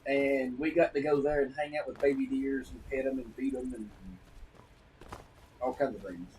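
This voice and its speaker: A man's voice: medium pitch, steady tone, normal speed, darkish tone. A man chatting casually on a live stream, rambling with frequent restarts and repeated words. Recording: distant mic with faint noise.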